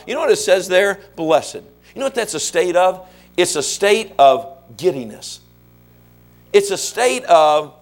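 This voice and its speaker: High-voiced preaching man, animated. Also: measured pace. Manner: animated preaching, rising to shouts, call-and-response questions. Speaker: pastor. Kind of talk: sermon.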